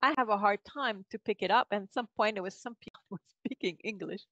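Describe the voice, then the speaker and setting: A Canadian woman with a Quebec French accent talks as a podcast guest, choosing her words with fillers and restarts and laughing often. Her voice is medium in pitch. The sound is dry and a little dull. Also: fast, a bit bright, dry recording. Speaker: guest linguist. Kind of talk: podcast interview.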